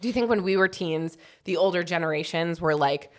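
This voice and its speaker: A woman's voice: fairly low pitch, fairly quick. A pregnant woman in her thirties co-hosting a podcast, chatting casually with lots of fillers and frequent laughs. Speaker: podcast co-host. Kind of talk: casual chat.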